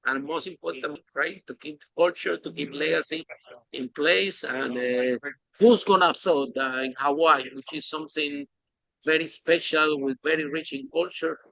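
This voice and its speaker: A man hosting a podcast interview, talking in an animated, emphatic way with phrasing. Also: fairly high pitch, normal speed, creaky, no echo, low-quality recording. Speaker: podcast host. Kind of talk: casual interview chat.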